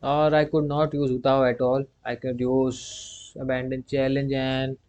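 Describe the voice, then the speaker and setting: A man's voice: mid-range voice, little pitch movement, a little slow, darkish tone. A young man commentating his own gameplay, repeating commands under his breath, grumbling when things go wrong and padding sentences with the filler "you can say.". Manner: muttered repetitive commands to himself; frustrated grumbling at the game. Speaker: gaming channel host. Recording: dull lo-fi recording.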